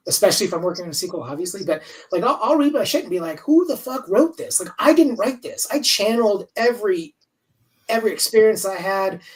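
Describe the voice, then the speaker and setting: A man's voice: high voice, distant mic, low-quality recording. A man in his fifties, a comics writer chatting as an interview guest over a video call, talking in a rambling, candid way and swearing freely. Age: 50s. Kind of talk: casual interview chat.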